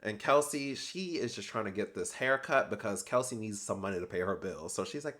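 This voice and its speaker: A young adult man recapping a reality TV episode in casual commentary, animated and sassy, acting out people's lines with slangy asides. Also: mid-range voice, normal speed, few pauses.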